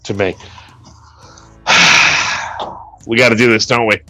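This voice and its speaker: A man's voice: fairly low pitch, fairly even intonation, slow pace, sharp tone, dry recording, soft background music. A man co-hosting a sports podcast, telling a story with self-mocking humor and frequent laughs. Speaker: podcast co-host. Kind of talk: casual sports chat. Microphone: remote call mic.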